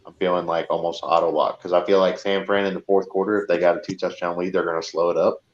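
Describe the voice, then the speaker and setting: A man co-hosting a sports watch-along, calmly breaking down the game. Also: low voice, fast, dull audio. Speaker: podcast co-host. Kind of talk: casual sports chat.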